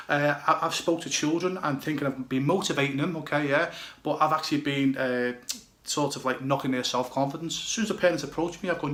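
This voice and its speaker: A man's voice: a little high, quick pace, a bit bright, echoey room. A blunt, emphatic man with a British accent, a goalkeeper coach giving direct advice and often checking "okay, yeah?". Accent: British English.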